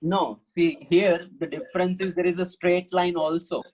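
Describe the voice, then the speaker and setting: A man's voice: high-pitched, little pitch movement, moderate pace, a little mellow, slight background noise, poor audio. Patient male teacher explaining step by step. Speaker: Sanskrit teacher. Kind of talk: online class explanation.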